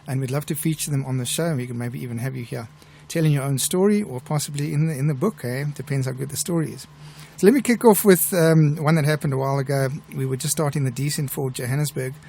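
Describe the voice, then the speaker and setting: A middle-aged man with a South African accent, a pilot who hosts a live show and tells stories in a chatty, relaxed way. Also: medium pitch, fast, gravelly, few pauses. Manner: chatty, relaxed storyteller with restarts. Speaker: airline pilot and show host. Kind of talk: live show chat and anecdote telling.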